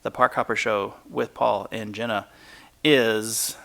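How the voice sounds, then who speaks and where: A man's voice: on the low side, steady tone, slow pace, creaky, a bit bright. A man co-hosting a podcast in casual chat, rambling and laughing as he retells things. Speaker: podcast co-host.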